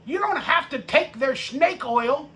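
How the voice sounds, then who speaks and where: A man's voice: extremely high pitch, animated, measured pace. Ranting, profane male sports streamer. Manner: profane, ranting, mocking, with bursts of shouting. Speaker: sports podcast host. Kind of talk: live-stream fan rant.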